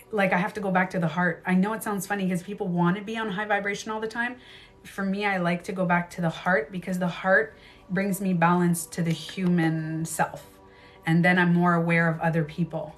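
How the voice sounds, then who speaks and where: A woman hosting a casual live stream as a spiritual coach, chatting animatedly, laughing often and greeting viewers by name. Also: fairly low pitch.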